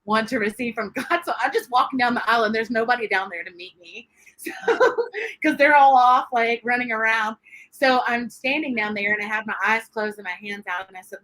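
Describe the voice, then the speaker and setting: A woman, a guest sharing her faith testimony in an interview, animated and quick to laugh as she acts out what people said. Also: on the high side, poor audio. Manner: animated storyteller, laughs often, acts out quotes.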